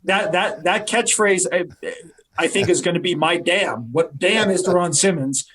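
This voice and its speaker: A man in his forties, a wrestler guest on a podcast, telling a story in lively casual chat and acting out the voices of the people in it. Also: high-pitched, normal speed. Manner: animated storyteller who acts out quoted voices.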